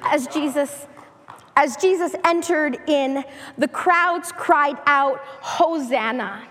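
A high-pitched woman delivers a sermon at an unhurried pace, leaning on each repeated phrase. Her voice rings out with a long reverb, as if in a large hall. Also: fairly even intonation, a bit bright. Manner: slow, emphatic preaching with repetition. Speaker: preacher.

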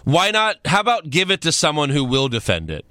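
A man talks through a wrestling show in a loose, sarcastic ramble. His voice sits a bit high and swings widely in pitch. The sound is close and dry. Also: wildly swooping pitch, fairly quick, pushed and bright, dry recording. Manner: rambling, sarcastic, recaps events. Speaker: podcast co-host. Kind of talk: casual wrestling recap chat.

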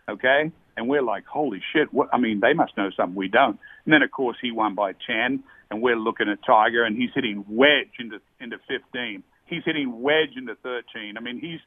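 A middle-aged man, a former tour golfer telling animated, profane stories as a podcast guest. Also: mid-range voice, no echo. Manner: animated, profane storyteller who calls people mate. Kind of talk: casual storytelling chat. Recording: dry, thin phone-line sound.

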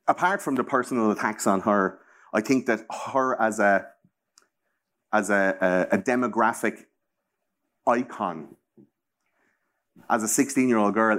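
Hosting a relaxed chat, an Irishman in his thirties with a fairly low voice rambles freely, swearing casually and often. He keeps things loose and lively from start to finish.

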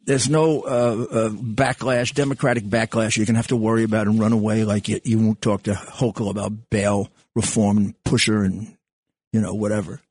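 An older man hosting a talk radio show, rambling along with halting restarts and frequent fillers. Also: lowish voice, little pitch movement, darkish tone, husky. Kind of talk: casual talk radio monologue.

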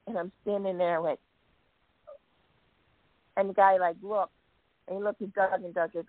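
A woman's voice: mid-range voice, little pitch movement, normal speed, long pauses, no echo. A woman in casual chat, telling anecdotes and acting out the quoted people. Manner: storyteller, acts out quotes. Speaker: guest telling stories. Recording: dry, phone-like sound.

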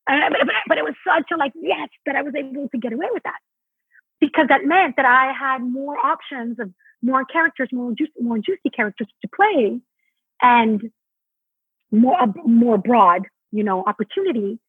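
A woman from Mexico speaks over a tinny phone line, her voice husky and a little high. She talks animatedly, restarting her sentences as she goes. The sound is dry, with no room around it. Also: lively intonation, normal speed, dry recording. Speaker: Broadway actress guest. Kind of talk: casual interview talk.

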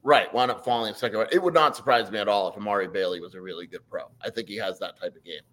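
A man co-hosting a sports podcast, joking around and pitching hot takes in casual chat. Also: fast. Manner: animated, jokey hot takes. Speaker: podcast co-host.

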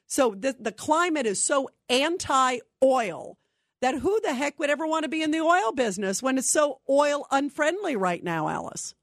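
A woman hosting a call-in radio talk show, talking in an animated, indignant way with many quick restarts. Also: high voice, dry recording, clean studio sound.

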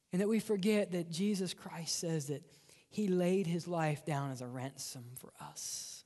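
A man's voice: high voice, moderate pace, dark tone, in a large hall. A man preaching a sermon as pastor, dramatic and often dropping to a whisper for emphasis. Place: church sanctuary.

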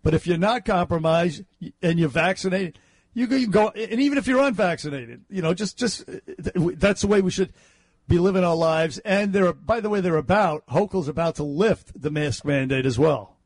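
A man with a slightly high voice co-hosts talk radio, agreeing with his partner. He stumbles and restarts often, padding his lines with hesitations. The sound is dry and close. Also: normal speed, no room sound. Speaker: radio talk show co-host. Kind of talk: casual talk radio banter.

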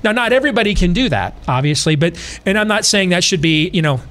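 High-voiced man talking animatedly on a podcast. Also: fast talker. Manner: animated, sports and war analogies, repeats phrases. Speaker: podcast host. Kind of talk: casual podcast talk.

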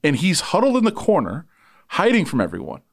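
A man's voice: high-pitched, fairly quick, gravelly. A man who works as a sports reporter, telling a long story in casual chat and acting out the people in it. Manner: animated, voices people in anecdotes.

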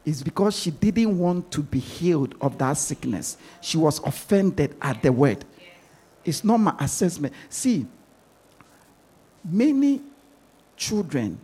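Man, pastor, sermon, raspy, high-pitched, insistent, repeats himself. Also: mellow. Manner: emphatic, repeats words while pressing a point.

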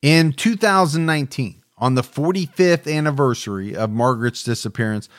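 A man hosts a true crime podcast with a mid-pitched voice. He narrates and muses in a steady, reflective way. The recording is close and dry. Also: dry recording. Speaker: podcast host.

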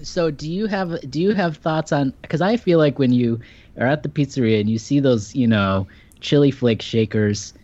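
A man's voice: medium pitch, moderate pace, darkish tone, highs cut off. A man co-hosting a casual chat, making wry, teasing asides. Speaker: co-host.

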